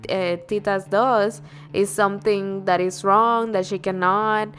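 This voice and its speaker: A woman in a casual conversation about a film, expressive and quick to laugh. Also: medium pitch, soft background music. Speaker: co-host discussing a film. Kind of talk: casual chat.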